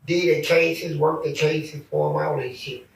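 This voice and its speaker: A man's voice: fairly high pitch, fairly even intonation, moderate pace, vocal fry. A man, a podcast guest, telling his stories bluntly and boastfully in casual chat. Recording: very echoey room, far from mic.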